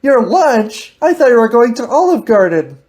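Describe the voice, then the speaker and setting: A woman's voice: fairly high pitch, sing-song, normal speed, a little mellow. A woman hosting a casual improvised chat, teasing and laughing often. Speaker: host.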